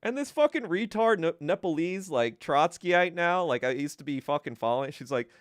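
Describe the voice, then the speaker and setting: A man's voice: a little high, fairly quick, few pauses, no echo, studio quality. A middle-aged male podcast host in a profane, mocking monologue, telling stories and ranting. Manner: profane, mocking, animated storytelling.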